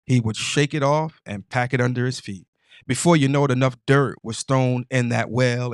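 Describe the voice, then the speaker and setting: A man's voice: mid-range voice, clean tone, no echo, studio quality. Emphatic preachy man hosting a show. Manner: emphatic, preachy, stammering restarts. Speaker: host. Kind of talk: casual motivational monologue.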